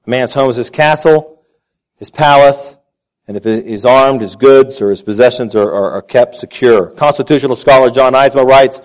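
Male pastor, middle-aged, from Texas; animated storyteller at the pulpit, lots of restarts. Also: medium pitch, normal speed. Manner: animated storyteller, repeats words while speaking. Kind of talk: sermon with personal story.

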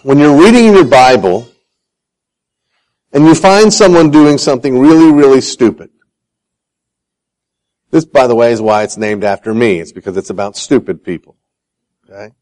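A man's voice: mid-range voice, moderate pace, pauses often, rough recording. A man preaching a sermon, telling Bible stories with self-deprecating humor and acting out the voices he quotes. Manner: animated, acts out quoted voices.

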